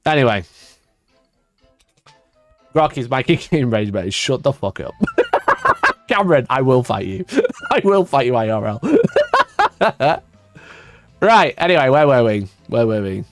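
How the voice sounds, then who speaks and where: A man hosting a livestream, answering his chat in a sweary, mocking rant and laughing often, with his voice shooting up high when he gets exasperated. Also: huge pitch swings, a little slow, pauses often, no room sound, soft background music. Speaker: livestream host.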